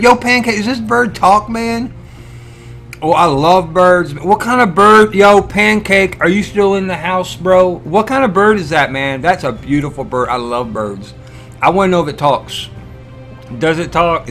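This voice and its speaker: Excitable, cursing man hosting a live stream. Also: a little high. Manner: excitable and profane, laughs often, greets chatters by name. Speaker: livestream host. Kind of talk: casual live-stream chat, reading viewer messages.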